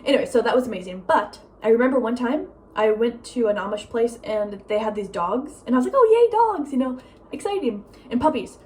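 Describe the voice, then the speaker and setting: A young woman vlogging at home in a casual, rambling chat, full of "like" and "um" and quick laughs. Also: fairly high pitch. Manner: rambling, lots of "like" and "um", laughs often; breezy, drifts between loud and soft. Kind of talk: casual chatty vlog monologue.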